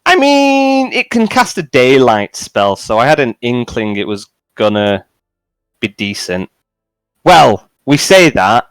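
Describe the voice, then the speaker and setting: A man's voice: mid-range voice, clean tone, dry recording. A man chatting casually as a player in an online tabletop game, laughing easily.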